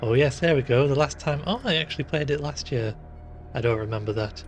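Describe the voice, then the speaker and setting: A man's voice: medium pitch, brisk, lo-fi sound, slight background noise. A man casually commenting on a horror game as he plays it live, chatty and easily grossed out, often laughing. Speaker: game streamer. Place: room sitting in the dark.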